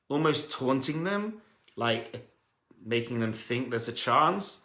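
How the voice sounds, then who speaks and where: A man, a rabbi, telling a story as a sermon, animated and acting out the voices of the people in it. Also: medium pitch, takes it slowly, echoey room.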